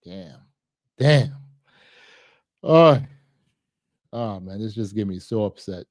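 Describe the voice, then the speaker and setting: A man hosting a live stream, reacting to a news clip with emotional, repetitive commentary, at times hushed and at times loud. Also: fairly low pitch, animated, slow, dry recording, clean studio sound. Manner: emotional, repeats words, swings from hushed to loud.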